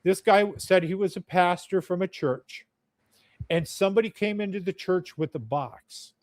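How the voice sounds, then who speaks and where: Man, podcast guest, blunt and profane, somewhat high voice, dry close sound. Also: moderate pace, a little mellow, no room sound. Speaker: podcast guest, UFO videographer. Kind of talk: casual storytelling.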